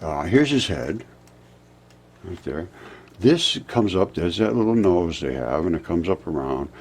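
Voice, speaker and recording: A man in his seventies narrating over a map, insistent, rebutting doubters and jumping up in pitch when pointing things out. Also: very animated, a little slow, darkish tone, slight background noise. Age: 70s. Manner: insistent, rebutting imagined objections. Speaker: presenter of a fringe geology channel.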